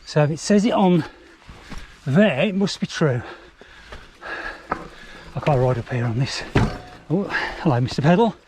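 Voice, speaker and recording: A man's voice: on the high side, lively intonation, measured pace, long pauses. A man chatting and swearing freely as he rides trails, filmed on a bike camera. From England. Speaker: mountain biker vlogger. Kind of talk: casual spoken commentary while riding. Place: outdoors on country trails. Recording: outdoor camera mic with noticeable wind and traffic noise.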